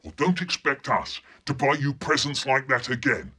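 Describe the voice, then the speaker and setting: A man's voice: fairly high pitch, huge pitch swings, normal speed, sharp tone, husky, voice pushed up, heavily acted. A British man voicing an angry father scolding his young son in a told story. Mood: furious. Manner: indignant, scolding.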